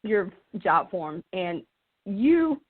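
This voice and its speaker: A woman's voice: medium pitch, big pitch swings, drawn-out words, husky. A woman interviewing a guest on a radio show, asking questions in casual conversation over a tinny phone line.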